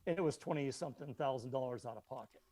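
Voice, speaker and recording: A man's voice: mid-range voice, quick pace, no echo. A middle-aged man, a podcast guest who publishes a magazine, telling a long personal story in casual talk and acting out both sides of each conversation. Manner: animated anecdote teller who acts out both sides of conversations.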